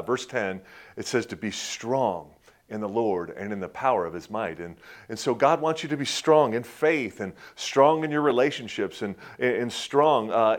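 A man in his fifties preaching a conversational sermon, telling personal stories in a folksy way with many restarts and chuckles. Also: lowish voice. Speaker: pastor.

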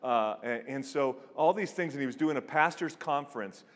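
A male pastor preaching a sermon, telling stories with animation and dropping to a hushed voice for serious points. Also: mid-range voice, normal speed. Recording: long hall reverb.

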